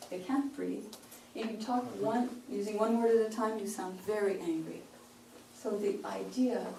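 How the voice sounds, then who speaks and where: Giving a workshop talk, a pronunciation coach from Canada speaks with medium pitch and a warm tone, demonstrating as she splits phrases into short chunks. Her voice echoes in the room, picked up by a distant mic with a faint hiss.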